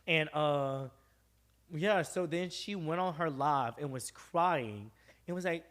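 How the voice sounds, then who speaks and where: A young man from Georgia tells a story as a podcast guest, and his voice sits a little high for a man. He talks in a lively, profane way and acts out everyone he quotes. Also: slow pace. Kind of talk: casual storytelling.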